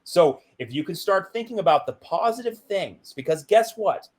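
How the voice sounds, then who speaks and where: Middle-aged male interview guest, lively storyteller, slightly high voice. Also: normal speed. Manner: animated, acts out quoted dialogue with big pitch jumps.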